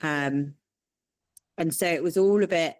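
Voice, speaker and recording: A woman's voice: sits low, measured pace, dry recording. A young woman, telling her story as an interview guest and acting out the voices of the people in it. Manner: animated, quotes people in lively voices. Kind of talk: candid storytelling.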